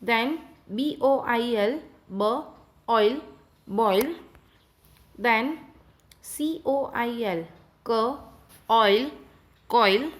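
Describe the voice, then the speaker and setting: A woman's voice: a little high, very slow, long pauses. A woman with a Gujarati English accent teaching a phonics lesson to young children. She spells each word letter by letter and then sounds it out.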